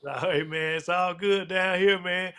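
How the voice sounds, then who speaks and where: A man's voice: high-pitched, fairly even intonation, sharp tone, clean tone. A man hosting a live show, chatting loosely and tossing in "man" and "look here" all the time. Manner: casual, drawn-out, repeats "man" and "look here". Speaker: host.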